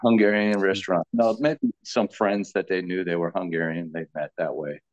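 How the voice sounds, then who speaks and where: A man's voice: low-pitched, steady tone, normal speed, no room sound, muffled recording. A man from Florida, a podcast guest, talking in an easygoing, rambling way. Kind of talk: casual podcast chat.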